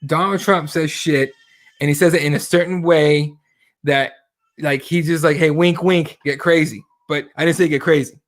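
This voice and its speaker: A man's voice: on the high side, steady tone, normal speed. A man co-hosting a casual talk show, speaking heatedly and profanely, mimicking voices as he retells events. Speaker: podcast co-host. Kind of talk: casual chat about current events.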